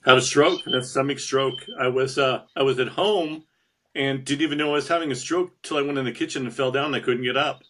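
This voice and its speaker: A man's voice: mid-range voice, fairly even intonation, fairly quick, a bit bright. A man guest on an online talk show, telling his story sincerely and with determination. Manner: sincere, determined, with slight restarts. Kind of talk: interview storytelling.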